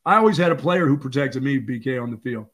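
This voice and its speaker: An older man co-hosting a sports talk show, telling lively stories and acting out quotes. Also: medium pitch, fast talker. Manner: animated storyteller, acts out quotes. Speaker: sports radio co-host.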